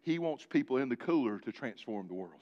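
A man preaching a live sermon in church, animated and joking with his congregation, calling on them directly. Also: medium pitch, a little fast, lo-fi sound. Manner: animated, talks directly to the congregation with asides and jokes. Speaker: pastor. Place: church sanctuary before a congregation.

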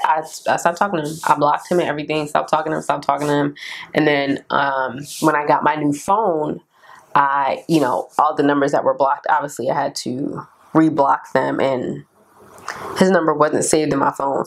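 This is a young woman with a fairly low speaking voice, chatting straight to camera in a storytime vlog. She talks candidly and casually, and acts out both sides of an old argument as she tells it. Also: vocal fry. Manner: candid and animated, quotes others in raised voice. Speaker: vlogger.

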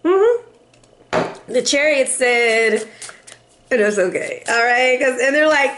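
A woman's voice: high-pitched, lively intonation, slow, long pauses, fairly bright tone. A woman doing a casual tarot reading in a sassy, playful way, laughing often and teasing her viewers. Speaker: tarot reader.

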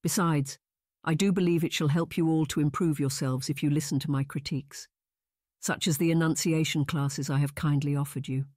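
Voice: mid-range voice, fairly even intonation, fairly quick, a little mellow, no echo, close to an everyday voice. A narrator playing a rude young nobleman, smirking and condescending. The read is close and dry, an audiobook character voice. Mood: smug.

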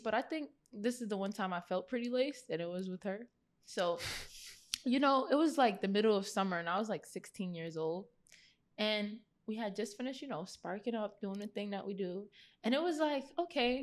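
A young woman guest on a podcast, casually telling a lively, slangy story and laughing as she goes. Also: mid-range voice. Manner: animated, slangy, laughs through her story.

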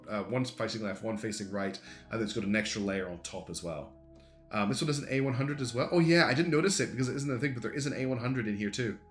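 A man's voice: medium pitch, a bit bright. A man giving casual livestream commentary, chatty and thinking aloud with lots of ums and restarts. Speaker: streamer reviewing community game designs. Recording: roomy echo with faint guitar music behind.

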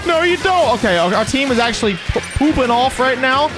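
A game streamer giving excitable, chatty live commentary on a match and talking to viewers in chat. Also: high voice, fairly quick. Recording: game music playing behind the voice.

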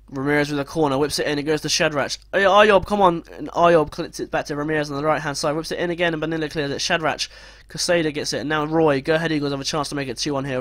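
A young man narrating his football management game as play-by-play commentary, breaking into loud, swearing outbursts. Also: on the high side, no room sound. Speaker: gaming commentator.

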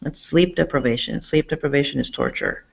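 Her voice deep, gravelly, and slightly rough, a woman speaks fairly quickly to her camera inside a public campus building. The monologue is rambling and agitated, full of swearing and restarted sentences, and the recording sounds dull and lo-fi.

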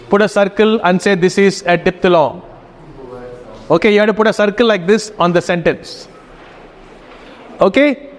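High-voiced man teaching class. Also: in a large hall. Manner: instructive, keeps checking in with "okay?". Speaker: Greek teacher. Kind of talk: classroom lesson.

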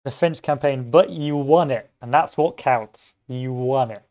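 A man's voice: mid-range voice, measured pace, darkish tone. A man giving casual gameplay commentary, rambling off into history tangents and joking asides. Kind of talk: casual let's-play commentary.

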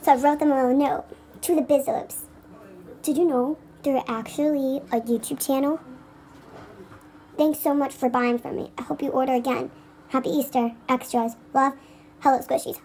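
A woman's voice: high-pitched, darkish tone, a little hiss or hum. A woman playing a careless young squishy seller. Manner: offhand, shrugging, talks to herself.

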